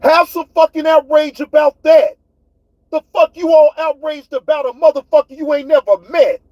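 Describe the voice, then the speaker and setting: A man's voice: very high-pitched, level tone, normal speed, darkish tone, no room sound, highs cut off. A man with hosting his own livestream, ranting at his chat in a fiery, profane way. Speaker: livestream host. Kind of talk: heated livestream rant.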